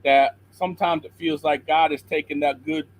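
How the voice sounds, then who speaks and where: A man's voice: on the high side, fairly even intonation, moderate pace, poor audio. Earnest preachy man on a call. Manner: earnest, preachy, quotes scripture. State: slightly hoarse throat. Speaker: caller. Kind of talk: call-in chat and Bible encouragement.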